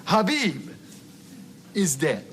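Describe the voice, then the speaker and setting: A man's voice: high voice, big pitch swings, very slow, exaggerated voice. A man on a podcast acting out a sitcom father's lines with mock-dramatic flair. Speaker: podcast co-host reenacting scenes. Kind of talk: comedic scene reenactment. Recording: loud background noise.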